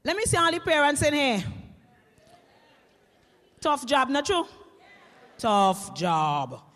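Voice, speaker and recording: A Vincentian woman, a teacher, telling comic stories to an audience in a lively, animated way. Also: high voice, slow, long reverb tail. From Saint Vincent and the Grenadines. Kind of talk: comic stage storytelling.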